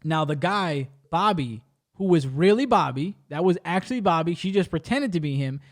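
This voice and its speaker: A man's voice: fairly high pitch, animated, moderate pace. A man co-hosting a podcast, retelling a story in casual, slangy, profane talk. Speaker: podcast co-host.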